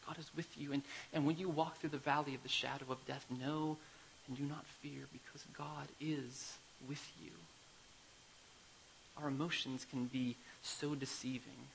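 A male pastor preaching a sermon, emphatic, moving between loud declarations and quiet, confiding passages. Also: mid-range voice, fairly even intonation, normal speed, vocal fry, a little hiss or hum, rough recording.

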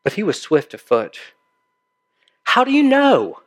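A man's voice: high voice, huge pitch swings, a little slow, a bit bright, voice pushed up, exaggerated voice. A preacher voicing a curious, indignant young boy from a storybook, his voice raised and questioning.

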